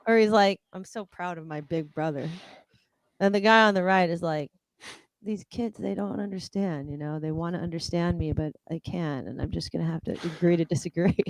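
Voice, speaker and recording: A woman's voice: moderate pace, creaky, dry recording, rough recording. Giggly woman co-host riffing. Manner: playful, giggly, drops into low mock voices for characters. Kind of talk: casual comedic chat.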